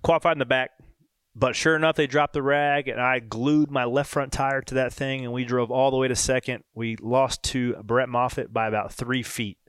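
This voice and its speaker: A man in his thirties, co-hosting a podcast and telling a racing story in a casual, animated way. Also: medium pitch, moderate pace, clear, resonant tone, no room sound. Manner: animated storyteller, acts out quoted voices. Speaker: podcast co-host and race driver.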